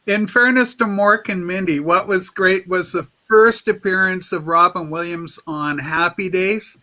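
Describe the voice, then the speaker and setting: A man hosting a casual chat show, telling lively anecdotes and acting out the quotes. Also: sits high, a little slow, rough recording. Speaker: show host. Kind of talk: casual chat, animated storytelling.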